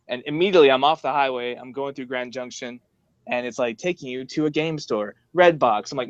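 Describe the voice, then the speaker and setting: Talking fast in a mid-range voice, this male podcast co-host tells animated stories and voices the people he quotes. It's a casual chat captured in a dry, dull, lo-fi recording.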